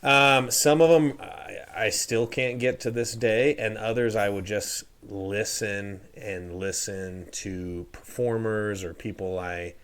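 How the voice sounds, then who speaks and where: A young man co-hosts a casual podcast in a deep, low voice. He hesitates often and fills pauses with ums and restarts. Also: steady tone, a bit bright, clear, resonant tone. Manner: hesitant, many fillers. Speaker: podcast co-host.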